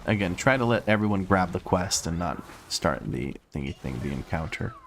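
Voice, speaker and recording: Lower-voiced chatty male streamer. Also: lively intonation, moderate pace, slight background noise. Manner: chatty and playful, laughs often, thinks aloud. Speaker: game streamer. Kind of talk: casual live-stream chat while gaming. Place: home room.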